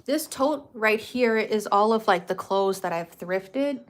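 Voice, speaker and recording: A woman's voice: mid-range voice, lively intonation, takes it slowly. A woman chatting casually in a home craft vlog, rambling with lots of fillers and restarts. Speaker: craft vlogger and small shop owner.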